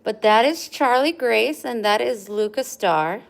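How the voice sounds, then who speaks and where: A woman vlogger in a casual home video, talking tenderly with frequent pauses and running short of breath. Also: fairly high pitch, lively intonation, creaky. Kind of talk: casual home vlog, talking to her dogs and giving heartfelt advice.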